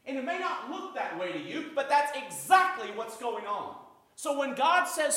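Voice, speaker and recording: A man's voice: very high-pitched, sing-song, measured pace, sharp tone. A man preaching a sermon as pastor, folksy and conversational with touches of humor.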